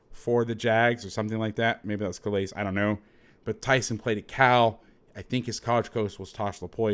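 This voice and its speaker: A man coaching through game film in a casual breakdown, chatty and quick to correct himself. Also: on the low side.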